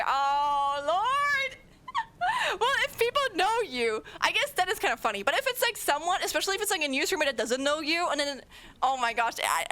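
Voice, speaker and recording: A woman's voice: high-pitched, pushed and bright. A young woman from Germany with a German accent, English not her first language, chatting casually and playfully with her live chat as a streamer. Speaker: Twitch streamer.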